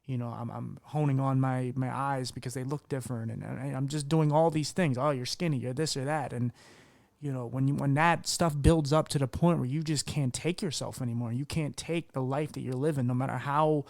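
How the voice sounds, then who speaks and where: A man's voice: medium pitch, steady tone, normal speed, gravelly, darkish tone, no echo. A man hosting a podcast interview, talking candidly in a rambling way with many restarts. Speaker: podcast host. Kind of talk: casual conversational interview.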